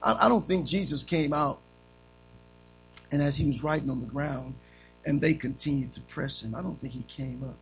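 A gravelly-voiced male preacher delivers a sermon. He climbs to shouted, high-pitched peaks, then drops to soft, hushed phrases. Faint music plays underneath. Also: moderate pace, poor audio. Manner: swings between shouting and soft, dramatic delivery.

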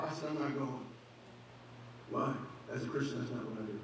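A man's voice: mid-range voice, brisk. Man preaching in a very echoey hall. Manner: preaching with rising emphasis, acting out dialogue. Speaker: pastor. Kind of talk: sermon. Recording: very echoey hall, mic far off, faint hum.

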